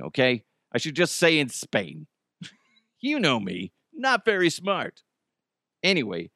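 A man hosting a podcast, talking loosely and jokily with lots of lift and drop in his pitch. He drifts in and out of goofy put-on voices. The sound is dry and close. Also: no room sound. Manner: joking, animated, puts on silly voices. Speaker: podcast host. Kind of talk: casual comedic chat.

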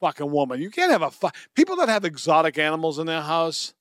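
A man's voice: on the high side, huge pitch swings, fast talker, fairly bright tone, dry recording. A man hosting a comedy podcast, telling stories in a blunt, profane, casual way. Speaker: podcast host.

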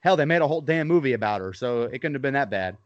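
A man's voice: mid-range voice, expressive, fast, no room sound, muffled recording. A man co-hosting a casual podcast, blunt and opinionated, cursing freely as he shares trivia and takes. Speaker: podcast co-host. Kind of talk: casual chat.

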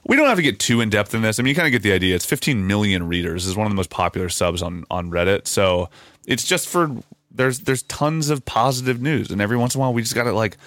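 A man hosting a casual podcast chat, animated and swearing, tossing out quick asides. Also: fairly low pitch, no echo. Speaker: podcast host.

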